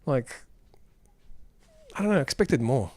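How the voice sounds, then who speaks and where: A man's voice: medium pitch, animated, a little slow, a little mellow, no room sound. A man giving an unrehearsed film review, rambling and exasperated.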